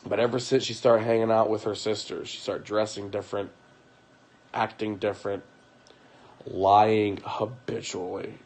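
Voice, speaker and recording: A young man live-streaming from home, talking in a weary, aggrieved way, halting and repeating his words. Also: fairly low pitch, flat delivery, a little mellow, slight background noise. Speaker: livestreamer. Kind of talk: emotional live-stream monologue.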